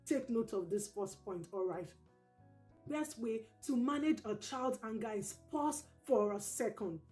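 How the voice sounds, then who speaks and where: A woman hosting a parenting channel, giving advice straight to camera, repeating each key point slowly and emphatically. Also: fairly high pitch, lively intonation, darkish tone, faint music behind.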